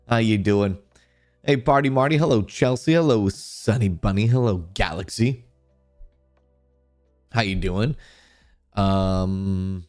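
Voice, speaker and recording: A man's voice: fairly low pitch, animated, slow, pauses often, a little mellow, faint music behind. A man streamer in casual livestream chat, greeting viewers by name and trailing off into restarts.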